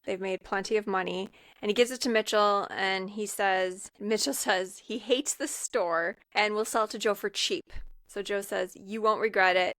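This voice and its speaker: A woman with a gravelly, creaky edge to her mid-range voice walks through a film's plot in a loose, chatty podcast recap. She talks scene by scene, often pausing on "um". The sound is close and dry, with no room around it. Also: mid-range voice, steady tone, a bit bright, no echo. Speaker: podcast co-host. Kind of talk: casual film recap chat.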